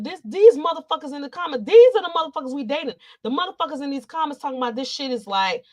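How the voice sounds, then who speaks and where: A woman's voice: high-pitched, sing-song, fast talker, hardly any pauses. A woman in casual commentary, ranting and cursing in an exasperated way, with speech. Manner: profane, loud, exasperated ranting. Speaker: commentary vlogger.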